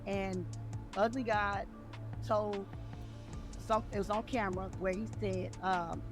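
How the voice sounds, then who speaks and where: A woman's voice: mid-range voice, fairly even intonation, slow pace. Earnest woman recounting events, music under. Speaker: interviewee. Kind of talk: interview recollection.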